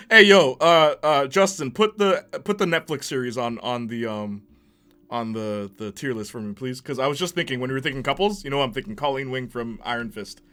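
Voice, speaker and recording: A man hosting a casual movie ranking, excitable and slangy, laughing often as he talks. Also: mid-range voice, moderate pace. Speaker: host.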